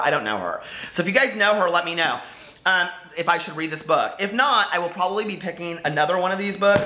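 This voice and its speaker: A man's voice: high voice, bright, forceful tone, roomy sound. A man chatting casually and playfully to camera as a book vlogger.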